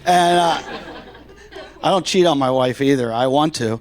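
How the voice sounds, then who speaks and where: A middle-aged man performing a stand-up comedy set on a club stage, telling stories deadpan and dropping his voice for quoted lines. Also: on the high side, moderate pace.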